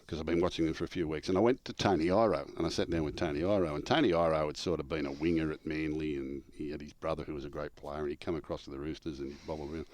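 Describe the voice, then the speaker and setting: An older former coach and show regular tells stories in casual chat with a bass voice, racing along with few pauses. He's an animated storyteller who acts out the dialogue and laughs through his punchlines, captured in a dry recording.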